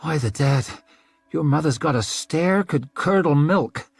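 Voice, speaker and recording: A man's voice: on the high side, measured pace, vocal fry, slightly rough, no room sound, voice pushed up, exaggerated voice. A man doing a wry, blunt young witch of the north. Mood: dry. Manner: dry, teasing, plain-spoken.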